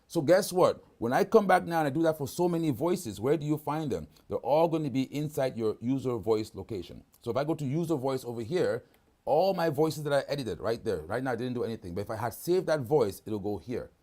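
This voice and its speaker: A man's voice: mid-range voice, expressive, fairly quick, mellow. A man hosting a live product demonstration over a video call, talking casually and often checking in with "right?". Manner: casual, keeps asking "right?".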